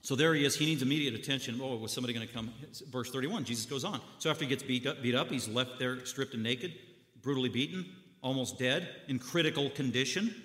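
A man preaching a sermon, telling the story dramatically with sudden loud bursts and hushed drops. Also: mid-range voice, quick pace, echoey room, big-room sound.

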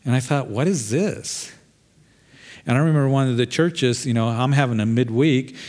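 A man's voice: mid-range voice, normal speed, a little mellow. A middle-aged pastor preaching a sermon in a conversational, plain-spoken way, acting out quoted voices as he goes.

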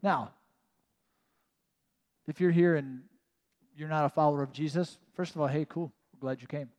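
A man's voice: fairly high pitch, fairly even intonation, normal speed, a little mellow. A man preaching a conversational sermon as a pastor, casual and self-mocking, with many "like" asides. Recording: long reverb of a large hall.

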